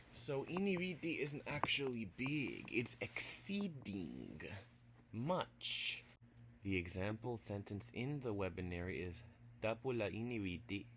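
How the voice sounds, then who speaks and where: In this casual language lesson, a man with a lowish voice spells words out slowly, piece by piece, teasing playfully and slipping into quiet asides. Background noise can be heard.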